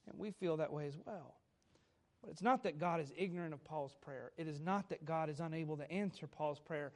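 High-voiced preacher man, earnest. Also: fairly quick, darkish tone. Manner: earnest, rising to pleading emphasis in quoted prayers. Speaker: pastor. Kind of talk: sermon.

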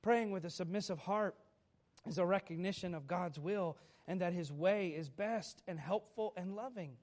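A man's voice: high-pitched, normal speed, a little mellow. A man in his thirties preaching a sermon as pastor, telling family stories with sudden emphatic bursts.

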